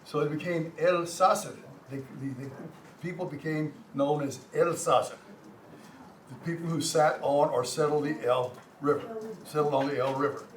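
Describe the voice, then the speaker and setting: Recorded on a distant mic in a roomy space with faint hum, an older man with a Texan accent lectures a community language class from slides. He's halting and folksy, repeats words a lot and jokes with the class, in a slightly high voice with fairly even intonation.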